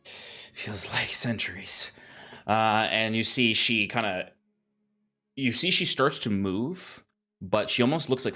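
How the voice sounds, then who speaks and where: A man's voice: sits low, bright, forceful tone. A man narrating as game master of a tabletop game, rambling with fillers and laughter.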